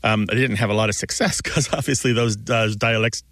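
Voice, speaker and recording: A man's voice: on the low side, brisk, a bit bright, no room sound. A man co-hosting a call-in radio show, explaining things in a chatty way and laughing easily.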